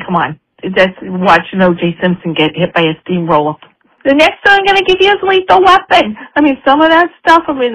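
A woman leaving an upbeat, chatty phoned-in message for a movie podcast, briskly listing her picks. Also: high-pitched, a bit bright, rough recording. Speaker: regular caller.

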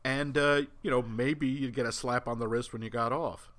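A man's voice: mid-range voice, steady tone, normal speed, a bit bright. Man with dry quips on movies. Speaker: podcast co-host. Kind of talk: casual movie discussion.

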